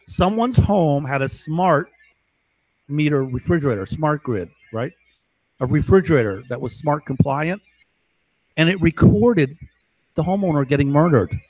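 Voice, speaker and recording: A man rants into a microphone at home in an agitated, profane live monologue, keeping up a rambling flow that he punctuates with "right?" and "okay?". His voice sits somewhat high for a man. The sound is dry and close, with no room echo. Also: darkish tone. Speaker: livestreamer. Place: at home, indoors.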